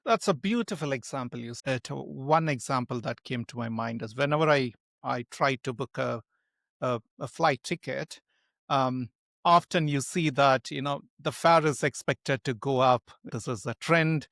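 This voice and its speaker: A middle-aged man hosting a podcast, introducing the topic and guest in a measured, formal way. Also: mid-range voice, creaky, fairly bright tone, no room sound, clean studio sound. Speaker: podcast host. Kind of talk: podcast interview.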